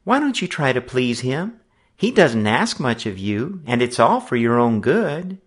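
A man reading the part of a gentle little sister who speaks softly and coaxingly. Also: mid-range voice, sing-song, unhurried, husky, voice pushed up. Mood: pleading. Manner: soft, coaxing. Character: gentle, studious little sister, soft and pleading.

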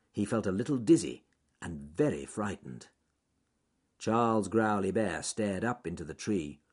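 Male storyteller for a kids' tale, low-set, husky, very lively pitch. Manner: lively, expressive narration with asides. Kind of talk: children's story reading.

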